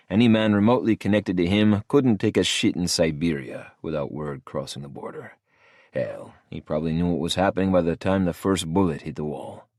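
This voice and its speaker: A man's voice: sits low, darkish tone, no echo. A man narrating a first-person audiobook in a cool, hard-edged manner, close to the mic.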